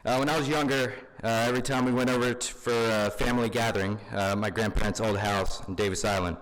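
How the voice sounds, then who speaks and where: A young man stands up to speak at a funeral, his voice on the low side. He talks casually, with plenty of ums and uhs. His words ring out with the long reverb of a big hall. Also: steady tone, fast, a bit bright. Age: young adult. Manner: informal, many fillers. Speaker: grandson giving a eulogy. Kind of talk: funeral eulogy.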